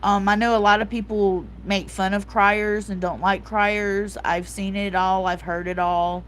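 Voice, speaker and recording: A woman in her forties hosts a livestream in an unhurried, medium-pitched voice that barely moves in pitch, with a little hiss or hum in the audio. Soft-hearted and emotional, she chats casually, reads comments from her live chat aloud, repeats herself, and leans on fillers like "like" and "um."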